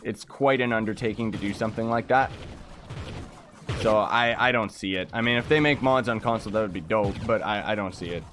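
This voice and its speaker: A man's voice: on the low side, fairly bright tone, slight background noise. Ranting male game streamer. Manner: frustrated ranting with quick exclamations. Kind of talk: casual live-stream chat while gaming.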